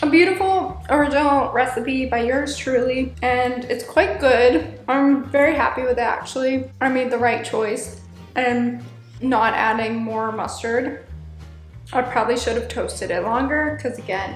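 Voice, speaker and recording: A woman's voice: high-pitched, measured pace, reverberant, faint music behind. A woman hosting a casual cooking vlog, chatty and rambling, amused at herself as she talks through a recipe.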